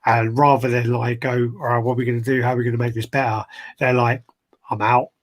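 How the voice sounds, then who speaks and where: A man's voice: medium pitch, level tone, quick pace. A man co-hosting a casual chat, frank and mocking, acting out what others said. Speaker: co-host. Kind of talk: casual chat about collectible statues.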